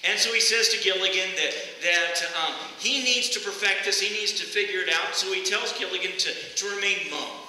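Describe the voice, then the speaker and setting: A man's voice: sits high, sharp tone, slight background noise. A man preaching a sermon, telling stories and jokes with frequent restarts. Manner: storytelling with joke voices and frequent restarts. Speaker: pastor. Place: church sanctuary. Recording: echoey church hall with long reverb.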